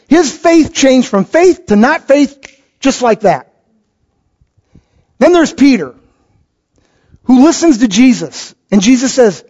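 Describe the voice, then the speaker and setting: A man's voice: very high voice, expressive, moderate pace, a little mellow. A middle-aged man preaching a sermon as pastor, telling stories animatedly and acting out quoted voices. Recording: dull lo-fi recording.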